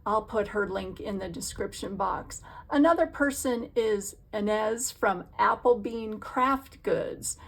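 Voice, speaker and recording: A woman hosts a crafting vlog from her craft room and chats in a relaxed, gushing way. Her voice has a gravelly fry to it. She takes her time, speaking slowly and unhurriedly. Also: mid-range voice. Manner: gushing, enthusiastic. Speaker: craft channel host. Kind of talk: casual crafting vlog chat.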